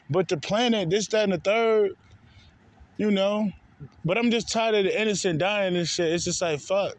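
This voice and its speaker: A spiritual vlogger, a man with a high-sitting voice, rants casually to the camera at a moderate pace. He's heated, profane, and repetitive, calling his viewers "bro" over and over.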